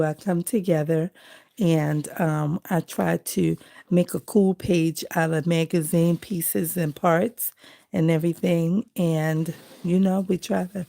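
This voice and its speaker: A woman hosting a casual livestream, chatting with viewers in a relaxed, rambling way while she collages. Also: low voice, creaky. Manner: chatty and rambling, greeting viewers, many fillers. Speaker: livestream host. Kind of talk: casual live-stream chat while collaging.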